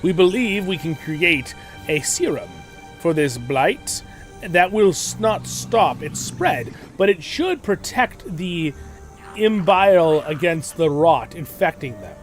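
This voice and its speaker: A man's voice: fairly high pitch, very animated, slow, soft background music. A man reading as a solemn quest-giving healer.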